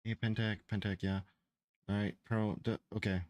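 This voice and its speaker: Give me a man rambling and swearing on a livestream, low-pitched and dry. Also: flat delivery, normal speed, a little mellow, no echo. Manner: rambling, profane, exasperated. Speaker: game developer streamer. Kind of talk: casual livestream chat.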